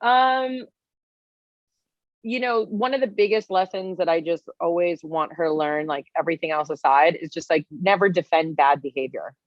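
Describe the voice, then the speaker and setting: A woman's voice: lowish voice, moderate pace, dry recording, highs cut off. A woman in her forties, a guest chef, telling stories in a casual interview with lots of fillers. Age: 40s. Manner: animated storytelling with many fillers.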